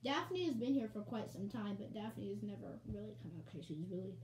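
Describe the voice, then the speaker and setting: A woman vlogging in casual chat to camera at home, bubbly and rambling, and quick to shout with excitement. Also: medium pitch. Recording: echoey room, faint hum.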